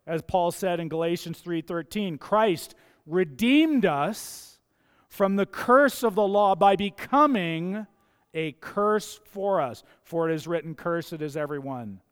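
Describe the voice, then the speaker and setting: Pastor, male, high-pitched and gravelly, emphatic sermon delivery in a reverberant church hall. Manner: emphatic, repeats key phrases for stress. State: gravelly, dusty throat.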